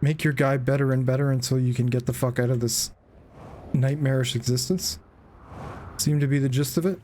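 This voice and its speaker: A man's voice: medium pitch, steady tone, moderate pace, dark tone, slight background noise. A tired man streaming a game live, chatting casually with rambling fillers and frequent swearing. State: tired, yawning. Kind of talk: casual live gameplay commentary.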